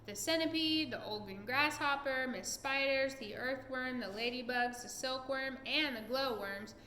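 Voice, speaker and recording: A woman reading a children's book aloud at home, expressive and animated. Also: high-pitched, a little slow, echoey room, a little hiss or hum.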